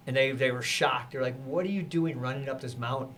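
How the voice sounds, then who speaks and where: A man, a podcast guest, telling a lively story in casual conversation and acting out the people he quotes. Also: mid-range voice, fast talker. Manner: animated, acts out quotes with laughter.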